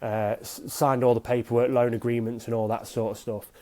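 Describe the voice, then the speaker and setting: A middle-aged man, a former professional goalkeeper, telling lively anecdotes in a casual interview and acting out the voices of people he quotes. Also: mid-range voice, a little fast.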